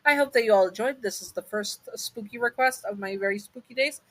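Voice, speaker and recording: A woman tells a second-person role-play story in a loose, chatty way, stopping now and then to fix her own words. Her voice is bright and lively, with a mid pitch. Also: brisk, no room sound, rough recording. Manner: casual, chatty, self-correcting. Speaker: narrator and channel host.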